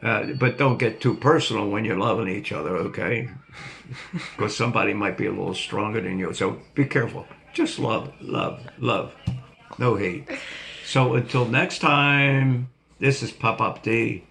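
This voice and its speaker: Gravelly-voiced old man telling a story. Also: lowish voice, measured pace, a bit bright. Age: older. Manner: rambling, jokey, laughs at himself. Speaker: vlog host. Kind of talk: casual storytelling to viewers.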